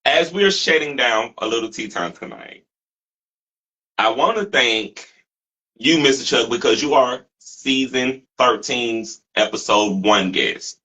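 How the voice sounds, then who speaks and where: A man's voice: medium pitch, lively intonation, slow, bright, forceful tone, slightly rough, poor audio. A man hosting a talk show, earnestly thanking his guest and viewers. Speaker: host. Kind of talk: casual talk show sign-off.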